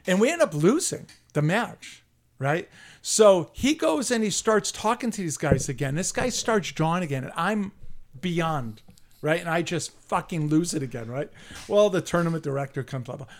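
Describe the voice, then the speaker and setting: A middle-aged man hosting a casual sports podcast, telling a heated story in a profane, animated way. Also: a little high, moderate pace. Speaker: podcast host.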